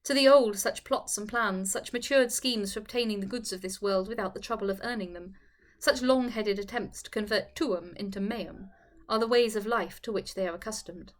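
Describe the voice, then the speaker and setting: A woman reading a classic novel aloud as narrator in a measured, formal manner. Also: medium pitch. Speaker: audiobook reader.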